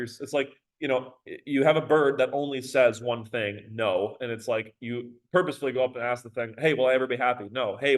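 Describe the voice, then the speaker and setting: A man's voice: medium pitch, poor audio. A male teacher giving a recorded lecture on a poem, talking casually with many fillers and reading verse aloud with drama.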